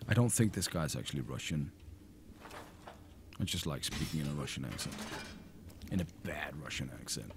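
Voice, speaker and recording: A man giving casual, rambling commentary over his own gameplay, relaxed and full of fillers. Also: a bass voice, moderate pace, long pauses, noisy background. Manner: laid-back, rambling, with fillers. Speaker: gamer commentator.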